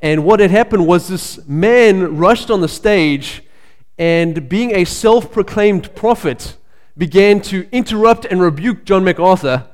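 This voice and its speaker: A male pastor preaching a sermon in a conversational storytelling way, pausing with frequent fillers. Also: sits high. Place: church sanctuary. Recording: long reverb of a church hall.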